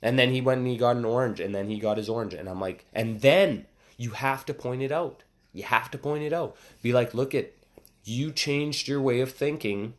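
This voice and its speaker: A man in his thirties giving a casual motivational talk, with excited, emphatic exclamations. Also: mid-range voice, fairly quick. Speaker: motivational speaker.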